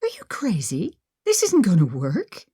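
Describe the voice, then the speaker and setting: A woman's voice: medium pitch, big pitch swings, slow pace, pitched above the performer's own voice. A woman narrator voicing a nervous, reluctant young woman who talks doubtfully. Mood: anxious. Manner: anxious, doubtful.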